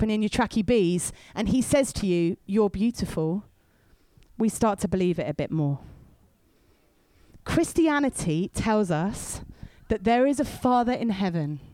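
A woman gives a sermon in a chatty, storytelling way, turning to the crowd with quick asides. Her voice sits fairly high and swings a great deal, rising and falling through each line. The sound is close and dry. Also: darkish tone, dry recording. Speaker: speaker at a youth event.

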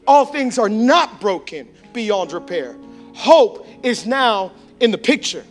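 Male pastor, very high voice, fervent delivery that climbs to shouts and drops to near-whispers, soft music underneath. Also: animated, takes it slowly. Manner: impassioned preaching that swings from shouts to hushed tones. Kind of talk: sermon.

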